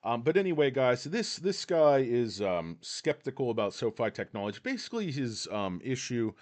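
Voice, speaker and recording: A man's voice: medium pitch, very animated, normal speed, a little mellow. A man hosting casual stock commentary, reading an article aloud and rambling off into joking asides.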